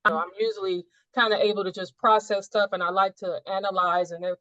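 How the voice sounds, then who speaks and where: A woman's voice: mid-range voice, level tone, a little fast, hardly any pauses, fairly bright tone, no echo. A woman sharing a personal spiritual experience in a coaching session, earnest and searching, often rephrasing mid-thought. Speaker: coaching client. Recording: dull, dry recording.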